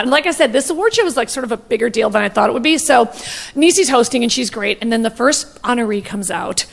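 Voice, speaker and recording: A woman comedian doing stand-up, telling a gossipy story in a rapid, brash and profane way. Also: high-pitched, vocal fry, fairly bright tone, big-room sound.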